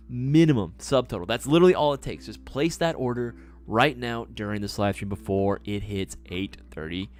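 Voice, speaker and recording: A man hosting a live stream, chatting casually, swearing and ranting with exasperation. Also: mid-range voice.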